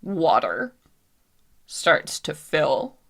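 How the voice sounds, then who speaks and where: A woman running a tabletop role-playing game, describing scenes vividly and casually. Her voice is low and gravelly, and she narrates at an unhurried pace. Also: huge pitch swings, fairly bright tone. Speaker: game master.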